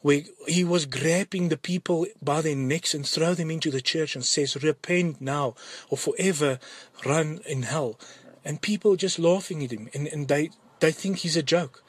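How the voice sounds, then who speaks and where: A man giving an urgent, earnest testimony to his church, halting and often repeating his words. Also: fairly high pitch, husky, dry recording. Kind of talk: urgent spoken testimony to a congregation.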